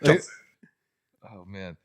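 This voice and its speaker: A young man co-hosting a podcast, telling a story in an animated way with frequent laughs. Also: drawn-out words. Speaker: podcast co-host. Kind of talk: casual chat.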